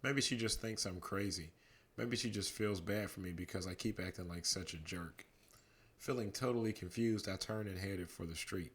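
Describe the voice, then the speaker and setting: A man reading a chapter book aloud as a bedtime story, calm and measured. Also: sits low.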